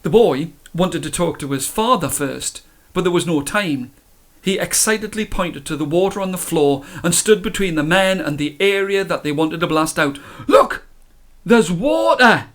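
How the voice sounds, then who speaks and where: A man reading a story aloud in a measured, expressive way. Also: a little high.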